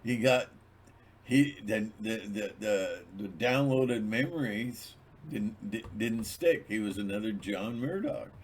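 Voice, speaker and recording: Host, lower-voiced man, slow rambling monologue, digresses and restarts. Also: slightly rough. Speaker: channel host.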